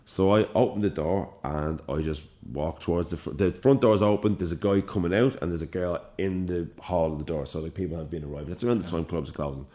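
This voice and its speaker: A young man from Ireland with a Dublin accent, co-hosting a podcast and telling an animated, swear-filled story. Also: low-pitched, quick pace, few pauses. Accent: Dublin Irish. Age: young adult. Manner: animated storyteller, swears freely, acts out quoted lines. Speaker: podcast co-host. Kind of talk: casual storytelling chat.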